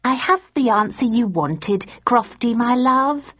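A woman's voice: on the high side, lively intonation, slow, slightly rough, dry recording, lo-fi sound, pitched above the performer's own voice, full character voice. A woman doing a fond, fretful wife. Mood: affectionate. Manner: bright, lilting and worried. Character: fond, anxious wife of an inventor, adult woman.

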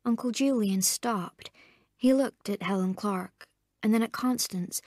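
A woman reading a novel aloud, often dropping into a soft, whispered delivery. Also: medium pitch, a little slow, dry recording, studio quality. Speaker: audiobook narrator.

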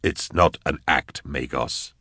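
A man voicing a cold, weary male investigator in an audiobook, speaking in curt, flat phrases. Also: a bass voice, slow pace, gravelly, no echo, clean studio sound, pitched below the performer's own voice, heavily acted. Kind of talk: audiobook narration.

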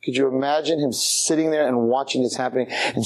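A man preaches to a room of girls, spinning a cautionary story with animated delivery. He slips in and out of characters as he narrates, then comes back to direct address. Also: mid-range voice, fairly quick, hardly any pauses, rough recording. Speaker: rabbi. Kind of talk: sermon lecture to girls.

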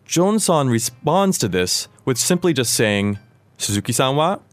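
A native English-speaking American man hosts a language lesson, patiently and clearly explaining Japanese grammar. His medium-pitched voice is very animated and a little slow, and the recording has no echo.

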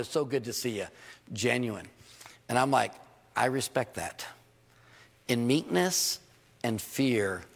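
A man's voice: medium pitch, gravelly, big-room sound. A man preaching a sermon as a pastor, telling stories to his congregation and building to emphatic points.

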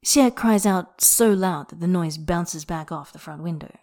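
A woman narrating an erotic story in a soft, intimate way, sometimes dropping to a whisper. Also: fairly low pitch, a little slow. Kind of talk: erotic fiction reading.

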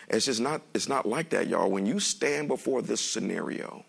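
A male pastor preaching a sermon in a lively, joking way, speaking straight to the congregation. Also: on the low side, normal speed, vocal fry, hardly any pauses, breathy edge. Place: church sanctuary.

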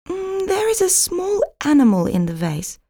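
A woman voicing a timid, gentle young female kitten in a storybook reading, high and eager. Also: huge pitch swings, normal speed, heavily acted. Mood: helpful.

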